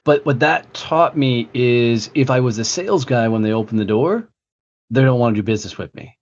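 A man's voice: mid-range voice, normal speed, muffled recording. A man guest telling a blunt, profane story in a casual interview. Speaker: guest, entrepreneur.

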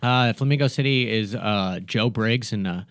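A man's voice: fairly low pitch, normal speed, fairly bright tone, no echo. A man guesting on a casual comedy podcast, telling eager, rambling stories.

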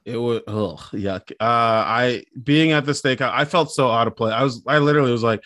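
A man's voice: medium pitch, moderate pace, fairly bright tone, dry recording, studio quality. A man telling rambling, self-mocking stories in a casual podcast chat.

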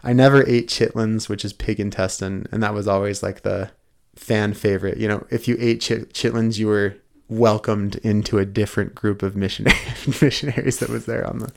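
A man's voice: lowish voice, steady tone, a little fast, creaky. A man in his thirties, a podcast host taking the guest seat, telling his story in an earnest, casual way with frequent restarts.

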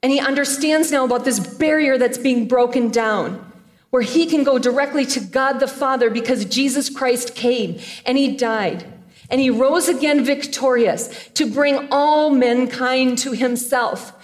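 A woman preaching a sermon, retelling a scripture story with animated storytelling and playful asides. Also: high voice. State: choked up with emotion.

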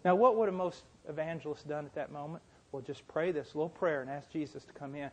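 Fervent preacher man, voice climbing high. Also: fast, hardly any pauses, slightly rough. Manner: impassioned, rising to shouting fervor; repetitive emphatic phrasing. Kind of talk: sermon with storytelling.

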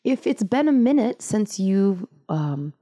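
A woman's voice: medium pitch, big pitch swings, slow, dark tone, no echo, studio quality. A woman hosting a podcast, talking casually in a rambling, self-mocking way full of tangents. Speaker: podcast host. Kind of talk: casual podcast intro monologue.

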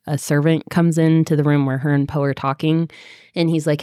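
A woman's voice: low-pitched, fairly quick, darkish tone, dry recording, clean studio sound. A woman co-hosting a book podcast, talking in a chatty, filler-heavy way as she retells scenes. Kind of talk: casual book club chat.

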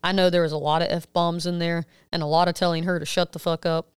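A woman in her thirties co-hosts a podcast and tells a story in casual chat. She has a very clear, smooth, low-set voice and jumps up loudly whenever she acts out a quote. The recording is dry and close. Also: fast talker, no echo. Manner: animated retelling with loud acted quotes and swearing. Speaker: podcast co-host.

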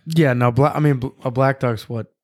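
A man's voice: mid-range voice, fairly even intonation, a little fast. A man hosting a podcast, chatting casually, joking and swearing freely. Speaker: podcast host. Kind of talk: casual chat.

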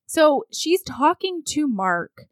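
A woman recaps a book in casual chat, taking her time over every word. She is blunt and crude, and she tells it with animation. Her voice sits a bit high and sounds dry and close. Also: sing-song, slow pace, dry recording.

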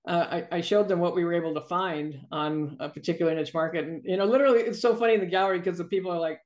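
A woman's voice: lowish voice, very fast, a little mellow. Woman coach on a video call, chatty, lots of little laughs between bits. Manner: talkative, laughs between phrases. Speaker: guest, copywriting coach. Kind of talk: casual video-call conversation.

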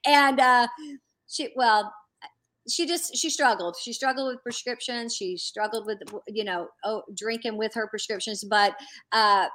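A middle-aged woman sharing a personal faith testimony in earnest, animated storytelling, acting out what others said. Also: fairly high pitch, a little slow. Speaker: guest.

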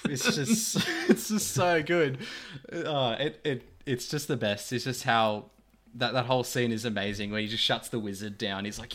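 A man co-hosting a podcast, talking excitedly about a film and laughing often. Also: medium pitch, normal speed. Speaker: podcast co-host. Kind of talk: casual movie chat.

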